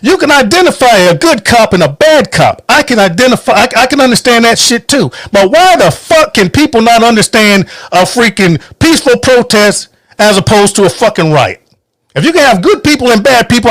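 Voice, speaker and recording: A man's voice: very high-pitched, big pitch swings, brisk, a bit bright, no room sound, clean studio sound. A man hosting a podcast, giving a heated, profane, emphatic political rant from home. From United States. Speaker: podcast host. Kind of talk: angry political monologue.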